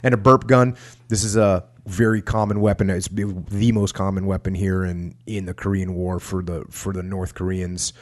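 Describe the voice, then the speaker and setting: Male host, low voice, reads aloud with loose conversational asides. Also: level tone, normal speed. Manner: conversational, frequent restarts and asides. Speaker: podcast host reading a war memoir. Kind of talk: reading aloud with casual commentary.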